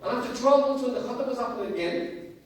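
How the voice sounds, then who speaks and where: A man's voice: very high voice, quick pace. A man giving a storytelling sermon, repeating lines for emphasis and firing rhetorical questions at his listeners. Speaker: preacher. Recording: echoey room, distant mic, faint noise.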